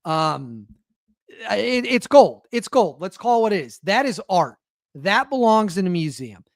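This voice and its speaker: A high, sing-song male voice at a measured pace belongs to a podcast host chatting on his own show. His commentary is casual, sarcastic and meandering, broken by frequent self-interruptions mid-sentence. The sound is dry and clean, studio-grade.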